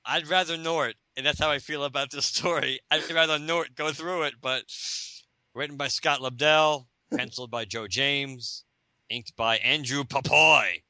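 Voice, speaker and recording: Bright, laughing male podcast host. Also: medium pitch, steady tone, a little slow, no echo. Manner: laughs often, acts out quotes in voices. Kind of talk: casual comic book chat. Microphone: Skype call.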